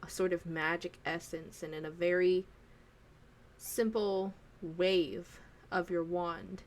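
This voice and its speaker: A woman's voice: on the low side, level tone, takes it slowly. A woman narrating a tabletop game as game master in a casual, rambling way full of fillers.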